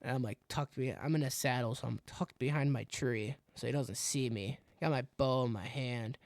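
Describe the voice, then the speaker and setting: A young man tells hunting stories on a podcast. His voice has a gravelly, fried texture. The sound is dry and close, and he acts out his own reactions as the story goes along. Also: medium pitch, normal speed, no room sound. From Wisconsin. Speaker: podcast co-host. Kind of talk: casual hunting story chat.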